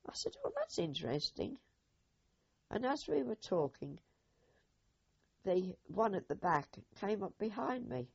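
An older woman telling her own memories as oral history, in a husky voice, acting out each speaker's quoted words. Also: mid-range voice, big pitch swings, unhurried, long pauses. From Britain. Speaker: eyewitness. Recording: dull lo-fi recording.

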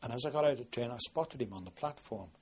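In a muffled recording, an older navy veteran speaks fast in a breathy, mid-range voice. He rambles through his wartime memories for an oral history interview, often restarting and perking up when quoting dialogue.

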